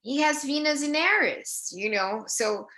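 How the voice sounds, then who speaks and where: A woman leads a live astrology talk for a group. Her voice is bright and forward, and she speaks slowly. She stops often and restarts her sentences, with many fillers along the way. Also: sits high, animated. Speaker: astrology teacher. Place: United States.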